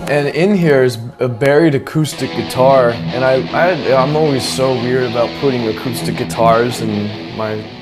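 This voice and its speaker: A man's voice: medium pitch, moderate pace, hardly any pauses. A man, a songwriter and producer, casually explaining how he built a track, humming snippets and laughing. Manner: animated, hums and sings snippets, laughs often. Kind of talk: casual studio breakdown. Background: loud music playing.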